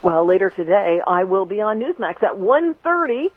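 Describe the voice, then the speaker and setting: An opinionated woman calling in to a radio show, her voice thin and tinny through the phone line. She talks in long, run-on stretches of casual political chat, at an ordinary middle pitch. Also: very animated, normal speed, slightly rough. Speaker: radio host guest commentator.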